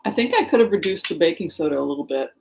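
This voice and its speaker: Speaking in a lowish, creaky, slightly mellow voice, she comes across animated and rapid-fire. The middle-aged Seattle-area host from Washington greets livestream viewers by name while rambling through casual chat. There's slight background noise on a low-quality recording.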